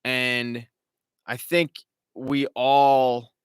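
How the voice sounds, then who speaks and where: A man's voice: mid-range voice, flat delivery, extremely slow, clean tone, dry recording, clean studio sound. A man hosting a live recap stream, talking casually at home, rambling, swearing and slipping into mocking impressions. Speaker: show host.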